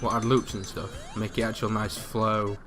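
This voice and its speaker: A man's voice: lowish voice, level tone, moderate pace, fairly bright tone. A young man chats his way through a retro game, rambling and restarting sentences with a self-mocking streak. He talks into a headset on a voice call, with faint game music under him. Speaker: let's play commentator. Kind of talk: casual gaming commentary.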